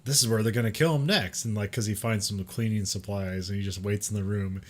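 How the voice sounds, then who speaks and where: A man's voice: fairly low pitch, steady tone, brisk. A man in casual podcast chat, with chatty trailing sentences and frequent laughs. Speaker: podcast co-host.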